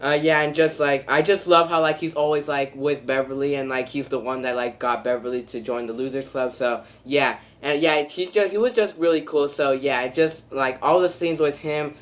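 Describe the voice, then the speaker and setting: A man's voice: fairly high pitch, fairly even intonation, moderate pace, few pauses, fairly bright tone. A man giving a casual spoken movie review, rambling and enthusiastic, full of filler words and restarts.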